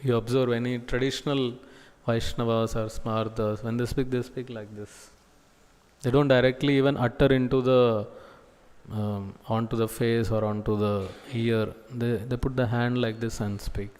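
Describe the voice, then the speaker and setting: A man giving a scripture class as a preacher, talking slowly with many pauses and fillers. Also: medium pitch, fairly even intonation, a little mellow, smooth, long reverb tail. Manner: slow, halting delivery with many pauses and fillers. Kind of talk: sermon. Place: temple hall.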